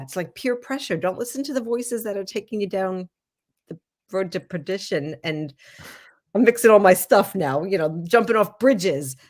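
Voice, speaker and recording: A woman co-hosting a casual wellness chat over a video call, lively, chatty and encouraging, with playful asides. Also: lowish voice. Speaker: wellness program co-host.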